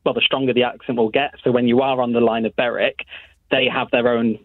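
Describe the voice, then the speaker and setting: Relaxed, friendly male caller heard down a phone line. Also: medium pitch, brisk, no echo. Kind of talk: casual phone call to radio show.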